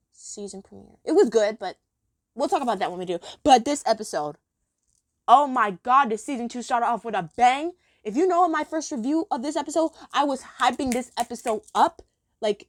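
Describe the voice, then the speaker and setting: Gushing and giggly, a woman vlogger chats casually while ranking cartoon episodes. She has a high voice, captured dry with clean studio sound.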